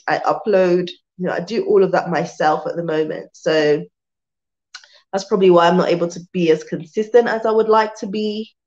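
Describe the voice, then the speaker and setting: A woman with a British accent talks her way through viewer comments in a loose, rambling live-stream chat, restarting her sentences often. Her voice sits fairly low and sounds worn out. The sound is dull and lo-fi. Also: a little mellow. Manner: chatty and rambling, with many restarts and fillers. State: tired, worn out.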